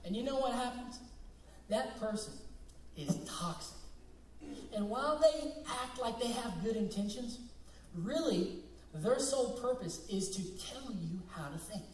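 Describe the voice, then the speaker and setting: A man's voice: extremely high pitch, lively intonation, measured pace, a little mellow, reverberant, far from the mic, a little hiss or hum, low-quality recording. A young man preaching a sermon as pastor, switching between conversational storytelling and emphatic points.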